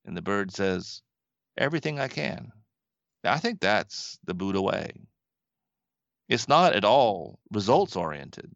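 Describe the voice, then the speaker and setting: Gravelly low-voiced man telling a story. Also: big pitch swings, a little slow, no echo, muffled recording. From western United States. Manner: storytelling, earnest, laughs softly. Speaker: Buddhist teacher and guest. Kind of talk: reflective conversational teaching.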